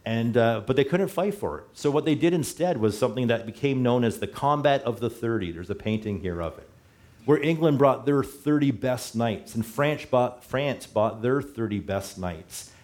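A man's voice: medium pitch, animated, moderate pace, darkish tone. A middle-aged man preaching a sermon in a church, talking conversationally and correcting himself as he goes. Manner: conversational, self-correcting, chuckles at slips. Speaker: pastor.

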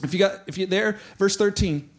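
A man with a high voice delivers a sermon, retelling scripture with animated storytelling. He jumps into the voices of the people in the story as he goes. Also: brisk. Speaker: pastor.

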